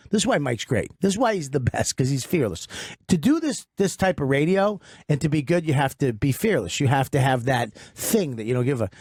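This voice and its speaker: A man on a radio talk show, telling stories in an excited, profane, casual way. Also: fairly high pitch, slightly rough, no echo, clean studio sound. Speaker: radio guest.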